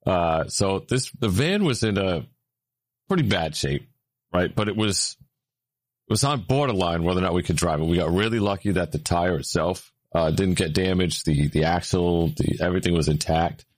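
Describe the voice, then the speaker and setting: A man telling a story in casual chat, with lots of fillers, getting louder and higher when he gets worked up. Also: normal speed, no room sound. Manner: animated, rising when worked up, many fillers.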